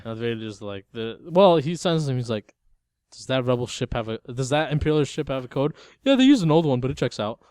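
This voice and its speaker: A man's voice: mid-range voice, brisk, clear, resonant tone, no room sound. Laid-back young man retelling a movie. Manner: loose, animated retelling with lots of "like" and "yo", breaking into laughter. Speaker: podcast co-host. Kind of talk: casual movie discussion.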